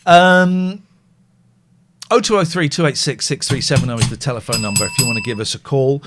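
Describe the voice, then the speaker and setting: A middle-aged man with an English accent hosts a live show in a loose, candid way. He rambles, restarts and reads out messages from listeners, at an ordinary pitch for a man. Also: brisk, very noisy. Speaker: radio show host. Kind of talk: casual live show chat.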